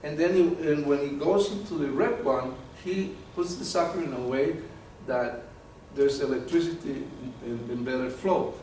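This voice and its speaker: A man's voice: mid-range voice, moderate pace, hardly any pauses, far from the mic, a little hiss or hum. Man lecturing in a very echoey room. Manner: animated, repeats words while searching for terms. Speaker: presenter. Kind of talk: live lecture with audience questions. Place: meeting room with an audience.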